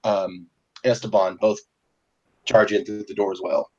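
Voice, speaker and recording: A man narrating as game master in a relaxed, chatty way with many fillers. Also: fairly low pitch, a little slow, dull audio.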